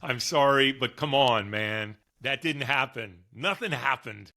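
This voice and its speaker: A man's voice: medium pitch, measured pace, creaky, pushed and bright. A man co-hosting a sports podcast who gives candid, blunt opinions in casual chat. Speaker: podcast co-host.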